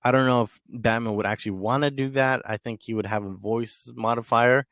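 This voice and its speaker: A man's voice: medium pitch, steady tone, brisk, a bit bright, no room sound, clean studio sound. A man hosting a podcast alone, talking casually in a rambling way with many fillers and restarts. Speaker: podcast host. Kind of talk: casual solo monologue.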